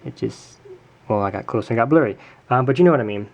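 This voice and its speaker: A man's voice: medium pitch, expressive, fast talker, muffled recording. A man hosting a casual hands-on craft tutorial at home, chatting and correcting himself with jokey asides as he works. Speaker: tutorial host.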